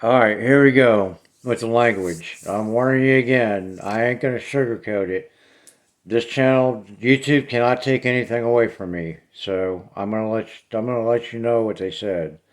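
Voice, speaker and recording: A man's voice: medium pitch, moderate pace. A man, talking bluntly and plainly to camera about his paranormal recordings. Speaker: paranormal vlogger. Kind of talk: casual talk to camera.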